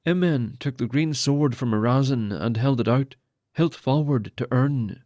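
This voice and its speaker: A man's voice: mid-range voice, a little slow, warm tone, no echo, studio quality. Man reading a fantasy audiobook. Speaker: audiobook narrator. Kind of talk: scripted fantasy narration.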